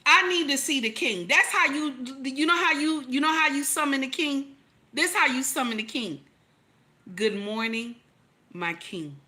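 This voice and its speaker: A woman giving animated relationship advice, emphatic and repetitive, firing rhetorical questions at her audience. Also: high-pitched. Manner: emphatic, repeats lines for effect, teasing rhetorical questions. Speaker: relationship commentator.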